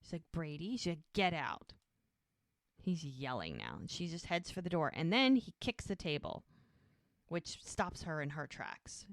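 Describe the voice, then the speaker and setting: A woman's voice: low-pitched, sing-song, moderate pace, no echo, clean studio sound. A woman co-hosting a podcast, casually recapping a scene and acting out the characters' lines. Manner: retells scenes, acting out dialogue. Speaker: podcast co-host.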